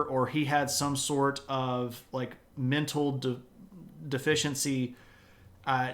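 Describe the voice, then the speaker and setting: A man's voice: mid-range voice, fairly bright tone. A man telling history in a loose, conversational way with wry asides, streaming live from a home setup. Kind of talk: casual history storytelling.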